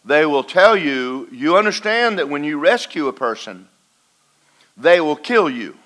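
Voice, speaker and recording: A man preaching a folksy sermon to a congregation, swinging between loud and quiet. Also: a little high, big pitch swings, unhurried. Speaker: pastor. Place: church in front of a congregation.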